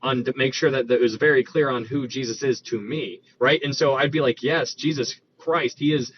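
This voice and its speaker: A man's voice: mid-range voice, brisk. Man teaching scripture, dull lo-fi sound. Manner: conversational, thinks aloud with restarts, reads verses aloud. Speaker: Bible teacher. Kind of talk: casual Bible study teaching. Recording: dull lo-fi recording with faint noise.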